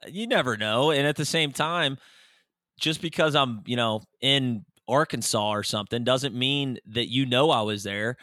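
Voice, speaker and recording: A young man riffs and rambles through jokes in a casual podcast chat, full of fillers and half-finished thoughts. His voice is bright and crisp, recorded dry and close with no room sound. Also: medium pitch, moderate pace, no echo. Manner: rambling, jokey, lots of fillers. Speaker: podcast co-host.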